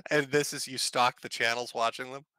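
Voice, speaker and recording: A man's voice: medium pitch, steady tone, brisk, pushed and bright, smooth, dry recording. A man hosting a casual podcast chat, asking crude questions and laughing often. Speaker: podcast host.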